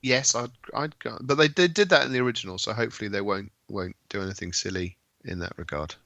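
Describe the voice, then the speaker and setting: A man's voice: fairly low pitch, fast, creaky, a bit bright, no room sound, dull audio. A man joking sardonically in casual podcast chat. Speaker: podcast co-host.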